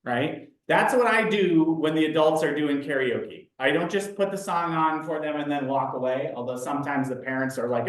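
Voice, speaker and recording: A man leading a live online training, animated and chatty, often asking the audience questions. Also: fairly high pitch, moderate pace.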